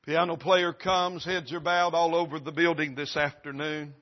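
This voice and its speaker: A man preaching at a church service, telling a sermon illustration dramatically, acting out the voices and swinging from loud to hushed. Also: a little high, flat delivery, moderate pace, lo-fi sound.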